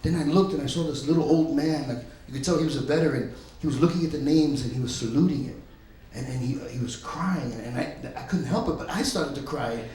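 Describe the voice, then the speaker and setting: A male stand-up comedian telling stories in a loud, punchy way on a club stage. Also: fairly high pitch, fairly quick. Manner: loud, punchy storytelling, often laughing. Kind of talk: stand-up set. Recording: echoey club room.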